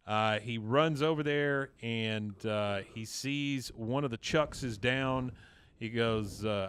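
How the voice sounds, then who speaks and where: A man's voice: fairly low pitch, a little slow, fairly bright tone, clean tone, no room sound. A man co-hosting a podcast, casually recapping a cartoon episode scene by scene, with lots of "uh"s and quoted lines. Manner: retells scenes with many fillers and quoted lines. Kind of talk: casual chat.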